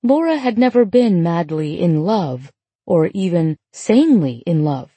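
A woman narrating literary fiction as an audiobook, in a mellow, slightly husky voice. Her delivery is even and measured. The sound is dry and close to the mic. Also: fairly low pitch, no echo. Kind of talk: scripted narration.

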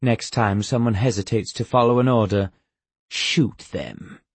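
A man playing a calm, menacing villain. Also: fairly low pitch, measured pace, husky, no echo. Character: cold, amused male villain seizing command.

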